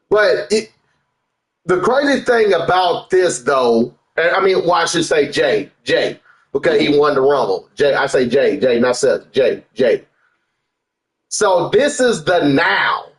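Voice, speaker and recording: A young man chats on a live stream in a relaxed, slangy way. His voice sits a little high and he takes his time, stretching words out. He keeps swinging from loud bursts down to low mutters. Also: poor audio. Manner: animated, swings up and down, loose slangy chat. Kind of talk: casual live-stream wrestling talk.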